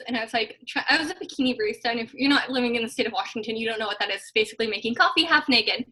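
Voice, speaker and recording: A woman's voice: on the high side, racing, few pauses, sharp tone, husky, low-quality recording. A young woman giving casual motivational advice in a rambling way, full of "like" and fillers. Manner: rambling, heavy use of "like". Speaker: guest network marketer.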